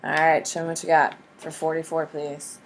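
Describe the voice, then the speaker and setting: A woman's voice: low voice, monotone, moderate pace, a little hiss or hum, rough recording. A young woman teacher giving a casual, blunt and jokey history lecture to a classroom.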